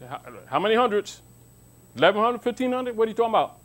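High-voiced man lecturing, preachy. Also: animated, fast, fairly bright tone. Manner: preachy, rhetorical questions, mocking asides; calls listeners baby. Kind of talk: informal lecture to an audience.

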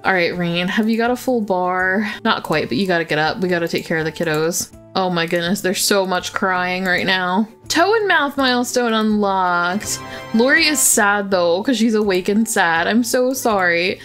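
A woman's voice: fairly low pitch, normal speed, hardly any pauses, fairly bright tone, soft background music. A woman giving casual, chatty commentary as she plays a life-simulation game, fond and talkative, full of filler words. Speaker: gaming YouTuber.

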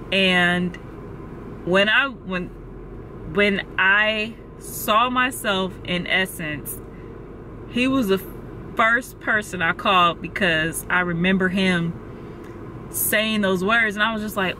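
A young woman vlogging from her car, gasping and exclaiming as she talks quickly and excitedly. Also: medium pitch, noisy background. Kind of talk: excited casual vlog. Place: in a parked car. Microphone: phone camera held close.

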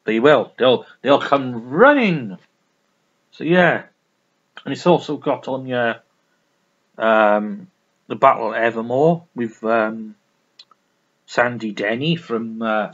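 A man's voice: mid-range voice, a little slow, fairly bright tone, slightly rough, highs cut off. A man reviewing records in a casual, rambling, sweary way, full of restarts. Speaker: music vlogger.

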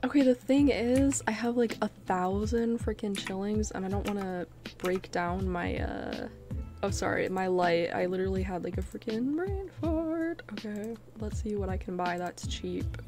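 A young woman giving casual, chatty gameplay commentary, easily startled and quick to make fun of herself. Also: medium pitch, steady tone, over music. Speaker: gaming video creator.

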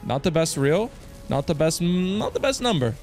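Excitable slangy male streamer. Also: fairly high pitch, moderate pace, soft background music. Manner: loud outbursts, swearing, slangy banter addressing viewers. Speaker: slots streamer host. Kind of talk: excitable live commentary to viewers.

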